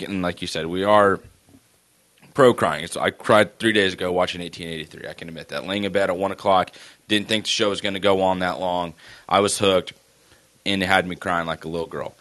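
A man co-hosting a sports podcast, talking casually in relaxed, self-mocking banter. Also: low-pitched, fairly quick, no echo. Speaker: podcast co-host.

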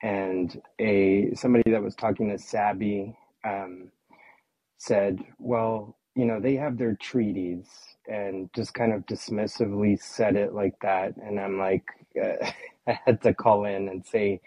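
Male caller, husky and low, careful and halting delivery. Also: little pitch movement, dark tone, no echo, low-quality recording. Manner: hesitant, careful, many ums. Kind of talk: casual call-in chat.

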